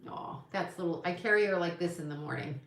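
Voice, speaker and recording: A woman's voice: fairly low pitch, quick pace. A woman hosting a casual livestream, chatting in an opinionated, gossipy way while she reads viewer comments. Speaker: psychic livestream host. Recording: echoey room.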